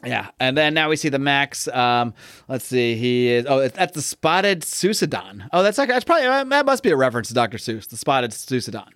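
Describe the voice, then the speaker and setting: A man's voice: medium pitch, big pitch swings, brisk, fairly bright tone, dry recording, studio quality. A young man casually recapping a comic with his co-host, rambling with many fillers and restarts as he reads out lines. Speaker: podcast co-host discussing comics.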